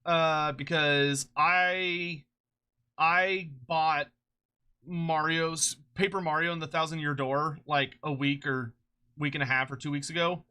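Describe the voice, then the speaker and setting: A streamer chatting casually on a live stream, excitable and rambling, swearing freely and laughing often, short on sleep. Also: mid-range voice, takes it slowly, smooth. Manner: rambling with frequent restarts.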